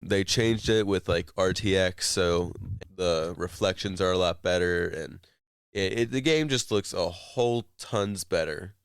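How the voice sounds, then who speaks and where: A man's voice: deep voice, unhurried, clear, resonant tone, no room sound, clean studio sound. A man co-hosting a casual chat show, rambling through a story with fillers. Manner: rambling retelling with fillers and laughs. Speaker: co-host.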